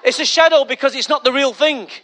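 A male pastor preaching a sermon with humorous, lively storytelling. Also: very high voice, fast.

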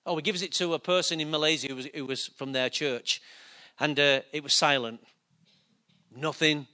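Middle-aged guy preaching, high bright voice, jokey storytelling. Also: steady tone, moderate pace. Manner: chatty, self-mocking anecdotes with laughter. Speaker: pastor. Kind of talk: storytelling sermon.

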